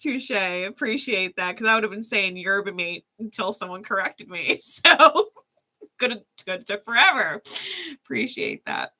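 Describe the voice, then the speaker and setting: A woman's voice: medium pitch, lively intonation, a little slow, sharp tone. A woman giving a live-stream tarot reading in a casual, chatty way, often asking "right?" and laughing often. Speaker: tarot reader.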